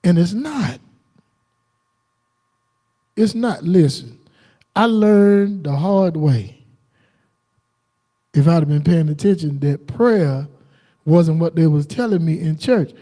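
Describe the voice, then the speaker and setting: A man's voice: a little high, slow pace, pauses often, mellow. A man preaching an informal sermon, telling folksy stories and acting out what people said. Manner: folksy storytelling with laughs and acted-out quotes.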